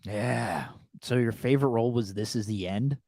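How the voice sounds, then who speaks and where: Halting man chatting on a podcast. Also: mid-range voice, gravelly, dark tone, dry recording, studio quality. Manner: halting, repeats words while thinking. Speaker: podcast co-host. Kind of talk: casual chat.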